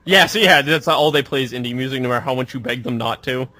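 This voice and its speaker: A man's voice: medium pitch, fast talker, pushed and bright, no echo. A young man co-hosting a casual online talk show, ranting bluntly and with profanity over glitchy, robotic-sounding voice chat audio. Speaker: podcast co-host.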